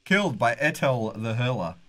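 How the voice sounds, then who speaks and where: An Australian man streaming a game with a friend, chatting casually and crying out loudly as things happen on screen. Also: mid-range voice, a little hiss or hum. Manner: excitable, loud exclamations. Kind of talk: casual let's-play banter.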